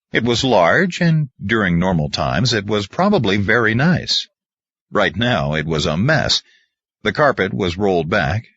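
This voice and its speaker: A man's voice: on the low side, fairly bright tone, husky, dry recording, highs cut off. A man narrating a novel as an audiobook reader in a storytelling manner. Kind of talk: scripted narration.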